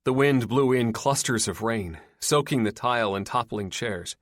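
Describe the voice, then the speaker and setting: A man narrating an audiobook in the first person with a steady, plain storytelling manner. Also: mid-range voice, moderate pace, no echo, clean studio sound.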